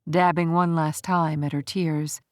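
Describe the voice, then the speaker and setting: Lady reading an audiobook, lowish voice, even and measured, dry studio sound. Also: no room sound. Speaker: audiobook narrator. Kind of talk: scripted audiobook narration.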